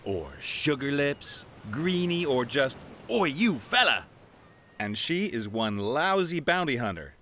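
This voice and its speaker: A cocky airship captain and treasure hunter from a fantasy game. His bright voice swings up and down as he jokes and teases. Faint background hiss under the track. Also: medium pitch, sing-song, slow, full character voice. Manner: cocky, jokey, laughing.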